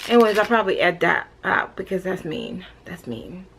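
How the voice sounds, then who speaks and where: A woman's voice: fairly low pitch, animated, a little fast, a bit bright, slight background noise. A woman from Jamaica, in her thirties, chatting casually in a pregnancy update vlog, playful and self-mocking, talking to a camera mic. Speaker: vlogger.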